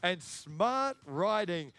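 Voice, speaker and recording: A man giving excitable live sports commentary and hyping up the crowd. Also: high-pitched, very slow, dry recording. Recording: faint music in the background.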